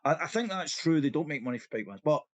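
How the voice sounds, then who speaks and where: A man's voice: fairly high pitch, expressive, quick pace, no room sound. A Scottish man co-hosting a podcast in casual chat, acting out quotes and laughing often. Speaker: podcast co-host.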